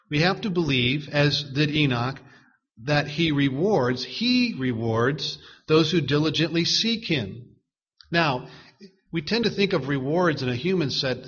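A man preaching a sermon in a measured, emphatic way, repeating words to stress them. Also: on the high side, fairly bright tone, husky, highs cut off.

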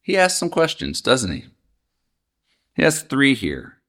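A man's voice: mid-range voice, huge pitch swings, a little slow, fairly bright tone. A man teaching from the Bible in a casual, conversational way, often asking his listeners questions. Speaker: preacher.

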